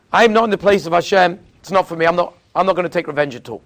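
A man giving a Torah class as a rabbi, telling stories and acting out the people he quotes, often repeating and restarting phrases. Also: very fast. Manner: storytelling, acting out quoted speakers with sudden pitch jumps.

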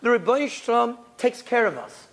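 A man's voice: very high voice, very animated, brisk, fairly bright tone. A man giving a storytelling sermon, acting out the voices of the characters in his stories. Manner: tells stories, acts out the characters' voices, uses Yiddish and Hebrew terms. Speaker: speaker giving a Torah talk.

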